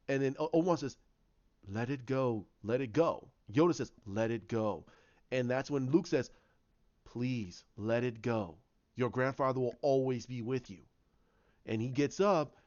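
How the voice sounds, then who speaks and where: A man casually retelling his own story idea, rambling with many restarts and acting out the quotes in a lower voice. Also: darkish tone. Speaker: fan commentator. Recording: dull lo-fi sound.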